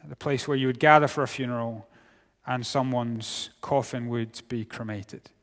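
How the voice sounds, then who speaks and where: A middle-aged Scottish man giving a sermon to young people, wry and humorous, dropping to quiet for serious points. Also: medium pitch, steady tone, moderate pace. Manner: humorous, wry storytelling with sudden drops to quiet. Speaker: youth speaker. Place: large hall. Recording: long hall reverb.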